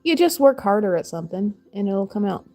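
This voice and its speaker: A woman's voice: mid-range voice, big pitch swings, a little fast, a little mellow. A woman in her thirties chatting casually while crafting on a stream, rambling and laughing often.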